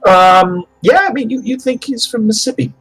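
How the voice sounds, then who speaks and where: A man's voice: sits high, brisk, fairly bright tone, breathy edge, faint music behind, rough recording. A man narrating a tabletop game as game master, hesitant with many fillers.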